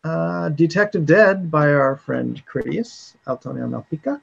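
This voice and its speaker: A man hosting a casual livestream, chatty and relaxed, laughing often. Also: a little high, measured pace, gravelly, breathy edge. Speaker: livestream host. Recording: dull lo-fi stream audio.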